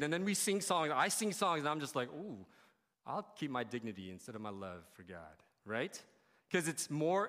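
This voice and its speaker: Preaching man in a reverberant hall. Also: fairly high pitch. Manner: conversational preaching, acts out quoted reactions, swings loud and soft. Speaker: pastor. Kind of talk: sermon.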